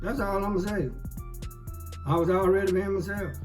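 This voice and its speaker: A man joking with his wife on their eating show, talking back with gruff, playfully defiant drawling lines. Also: high-pitched, fairly even intonation, moderate pace, distant mic. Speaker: co-host, husband. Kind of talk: casual banter on an eating show. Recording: heard from off-mic, music behind.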